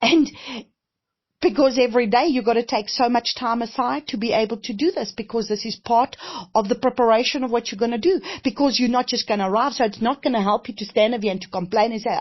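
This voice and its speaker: A woman's voice: on the high side, fast talker. A woman minister giving a heartfelt, conversational testimony-style sermon, often repeating phrases and saying "you know". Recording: dull lo-fi recording.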